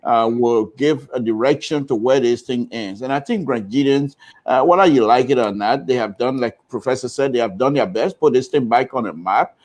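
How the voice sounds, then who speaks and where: A man speaking on a radio panel, measured and hesitant with frequent fillers. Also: mid-range voice, a little mellow.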